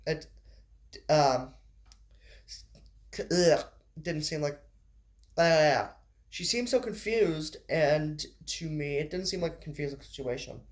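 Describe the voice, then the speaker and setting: A man's voice: a little high, takes it slowly, pauses often. A man reading his story aloud in an amateur style, stumbling and restarting, with casual asides. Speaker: narrator.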